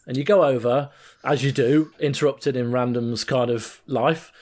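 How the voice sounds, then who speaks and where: A man with a mid-range, steady voice and a slightly dark tone, speaking at normal speed. He co-hosts a podcast and casually retells a game scene in an animated way, laughing as he goes and often trailing off before starting over.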